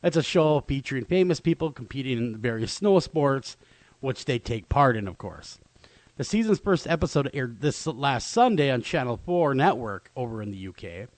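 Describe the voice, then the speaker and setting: Lively, laughing male radio co-host. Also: mid-range voice, normal speed, no echo. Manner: animated, laughing, playful storytelling. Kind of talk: casual talk radio banter.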